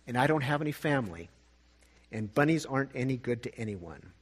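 A man voicing a small, lonely young male bunny who speaks in a tearful, pleading way with a husky tone. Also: animated, brisk. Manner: tearful, pleading, rising high. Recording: long reverb.

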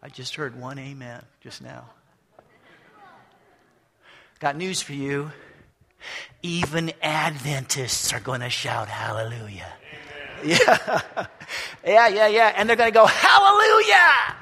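A man preaching a sermon, telling the story with animation, acting out voices and shouting at its peaks. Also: medium pitch, lively intonation, takes it slowly, pauses often, husky.

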